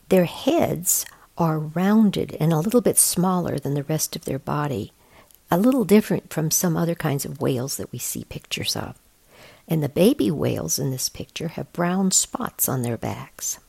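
Woman, low creaky voice, slow storybook reading, dry close sound. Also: expressive, no room sound. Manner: slow, gentle, explanatory. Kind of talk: reading a picture book aloud, describing the pictures.

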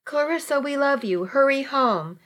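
A man's voice: very high voice, animated, moderate pace, sharp tone, pitched above the performer's own voice, heavily acted. A woman voicing a protective father who speaks firmly and reassuringly over the phone in a spoken story. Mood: loving. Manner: firm and reassuring.

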